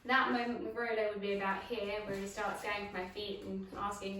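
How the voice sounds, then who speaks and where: A woman explaining dog training while playing with her puppy, giving clear, practical instructions. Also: mid-range voice, flat delivery, brisk, bright, forceful tone. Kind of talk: instructional demonstration. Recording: echoey room, voice from a distance, background noise.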